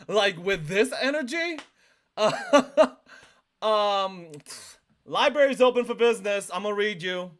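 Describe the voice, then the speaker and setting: A male streamer doing reaction commentary into a desk microphone, talking in an animated, emphatic way with lots of "like". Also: high-pitched, slow pace, pauses often.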